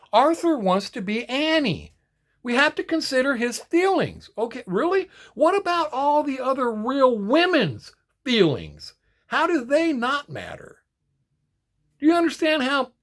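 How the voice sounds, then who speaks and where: An older man speaks in a fairly high voice that leaps up and down. He talks straight to his viewers in a loose, heated rant. He sounds indignant and circles back on his own points. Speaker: die-cast collecting vlogger. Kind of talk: casual ranting monologue.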